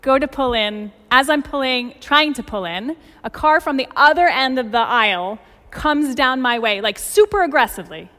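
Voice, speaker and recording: A woman's voice: high-pitched, moderate pace. Woman preaching in a reverberant hall. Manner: storytelling with lively emphasis. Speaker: pastor. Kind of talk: sermon.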